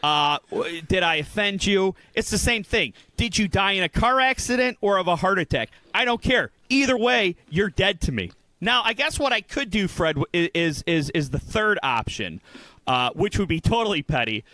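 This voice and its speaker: A man with a bright, forceful, fairly high voice, mock-indignantly ranting as a podcast co-host. The sound is close and dry. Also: lively intonation, normal speed, no room sound. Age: adult. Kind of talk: casual comedic banter.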